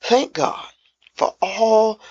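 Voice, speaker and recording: A man preaching a devotional sermon, slow and emphatic, repeating key phrases. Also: high-pitched, darkish tone, husky, no echo, lo-fi sound.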